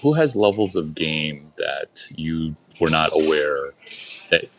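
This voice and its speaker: A man telling a casual story to a group in quick bursts, repeating lines and firing rhetorical questions at his listeners. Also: a bass voice, lively intonation, a bit bright, a little hiss or hum, rough recording.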